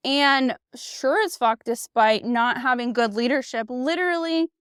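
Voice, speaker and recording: A woman's voice: sits high, measured pace, fairly bright tone, clear, resonant tone, no room sound, studio quality. Blunt, candid woman on a podcast. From United States. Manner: candid and blunt, swears freely, frequent "like" and "you know". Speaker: podcast host. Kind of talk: casual solo podcast monologue.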